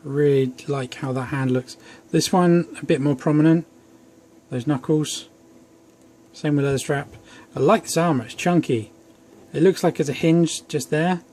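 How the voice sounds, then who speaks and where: Young man, toy review, chatty and rambling, a bit high-pitched, faint hiss behind. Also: normal speed, dark tone. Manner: chatty, rambling, self-deprecating asides. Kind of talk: casual action-figure review. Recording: faint background noise.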